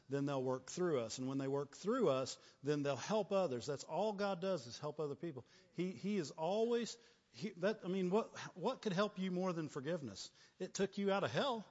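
A man preaching a sermon as pastor, punctuating his points with "right?" and "amen?", often stammering and laughing. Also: a little high. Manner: repetitive call-and-response, frequent "right?" and "amen?". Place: church hall. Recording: long church reverb, dull lo-fi sound.

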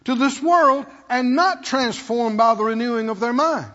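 A man's voice: very high-pitched, normal speed, pushed and bright, big-room sound, lo-fi sound. A man pastor preaching a sermon, prodding his congregation with rhetorical questions and call-and-response.

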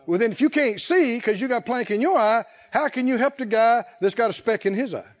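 Animated high-voiced male preacher. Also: a little fast. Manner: animated, folksy, laughs often, acts out voices. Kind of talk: sermon. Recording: dull lo-fi sound.

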